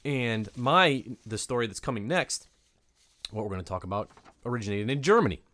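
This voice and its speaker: A man's voice: medium pitch, lively intonation, fairly quick, fairly bright tone. A man co-hosting a podcast, chatting casually and joking, with many fillers. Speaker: podcast co-host. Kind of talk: casual chat.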